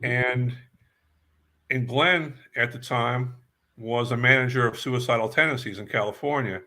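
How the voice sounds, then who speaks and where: An older man from New York, appearing as a guest musician in a casual storytelling interview, speaks at a measured pace in a medium-pitched, sharp-toned voice. He tells long, rambling stories, repeating words as he searches his memory.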